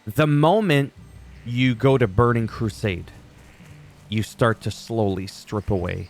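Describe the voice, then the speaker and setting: Profane gamer ranting. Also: male voice, fairly low pitch, slow pace, slight background noise. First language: French. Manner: ranty, profane, opinionated. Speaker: gaming YouTuber. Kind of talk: casual gameplay commentary.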